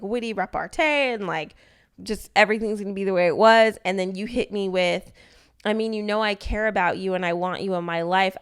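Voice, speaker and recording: Animated swearing woman podcast host. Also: fairly low pitch, clear, resonant tone. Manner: animated, swearing, acts out quoted dialogue. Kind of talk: casual storytelling chat.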